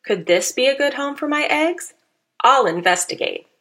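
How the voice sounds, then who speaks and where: A woman's voice: high voice, expressive, normal speed, bright, forceful tone. A woman voicing an adventurous female trout who frets and exclaims about her water in a storybook reading. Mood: curious. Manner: fretful, exclaiming, picky.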